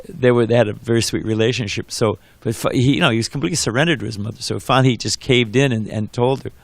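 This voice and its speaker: A man speaking in a devotional class, his voice gravelly with fry. The sound is close and dry. He tells anecdotes in a conversational, rambling way. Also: mid-range voice, fairly bright tone, dry recording.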